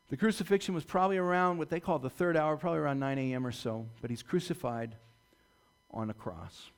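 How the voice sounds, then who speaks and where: A man preaching a sermon, retelling a story dramatically and swinging from loud to hushed delivery. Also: medium pitch. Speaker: pastor.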